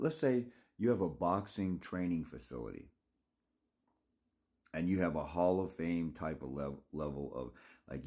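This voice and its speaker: Low and mellow in tone, this man, a father's rights consultant, delivers a rambling tirade to his viewers. He is blunt, scolding, and profane, restarting often and tossing in mocking asides.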